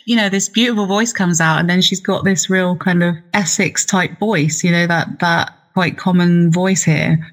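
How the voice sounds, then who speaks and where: English female guest, slightly low voice, dry humor, easy laughter. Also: fairly even intonation, moderate pace, few pauses. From England. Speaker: singer-songwriter guest. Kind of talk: casual interview chat.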